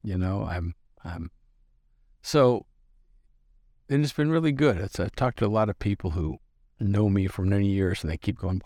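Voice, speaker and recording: Man, 60s, podcast guest; low, dry, rambling self-deprecating storyteller. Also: normal speed, long pauses, dark tone, no room sound. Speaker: podcast guest, business founder. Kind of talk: casual storytelling interview.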